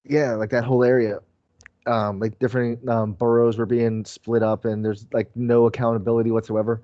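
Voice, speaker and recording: A man's voice: mid-range voice, flat delivery, moderate pace, no echo, dull audio. A man co-hosting a podcast in casual chat, rambling through his points with lots of "like" and "um". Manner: rambling, many fillers like "like" and "um". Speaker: podcast co-host.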